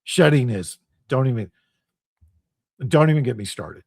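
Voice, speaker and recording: A man's voice: medium pitch, lively intonation, measured pace, darkish tone, no room sound, studio quality. A middle-aged man hosting a radio show, delivering a heated, profane solo monologue with an intense, ranting manner.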